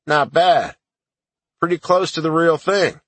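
A gruff, sarcastic older army sergeant, put on by a male audiobook narrator, barks out dry retorts. The voice sits noticeably higher than the reader's own, with a husky edge. It is recorded close and dry, with no room sound. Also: unhurried, no echo. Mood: grumbling. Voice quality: gruff, barking. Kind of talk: audiobook character voice.

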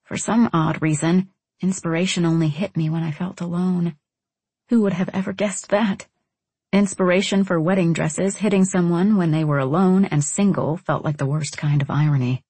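A woman's voice: on the low side, fairly even intonation, moderate pace, warm tone, husky, dry recording. A woman narrating a first-person novel in a wry, introspective manner. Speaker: audiobook narrator.

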